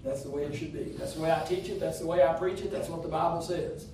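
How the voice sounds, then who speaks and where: A man's voice: fairly high pitch, steady tone, quick pace, dark tone, slight background noise. A man preaching a sermon, his delivery emphatic, with rising phrases that slip into half-singing. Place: church sanctuary. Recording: distant mic in an echoey room.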